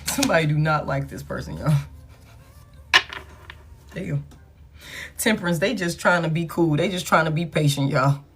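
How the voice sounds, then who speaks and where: A woman's voice: sits low, moderate pace, pauses often, slight background noise. A woman reading tarot cards for her viewers in a casual, blunt, profane way, talking straight to them. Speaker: tarot reader.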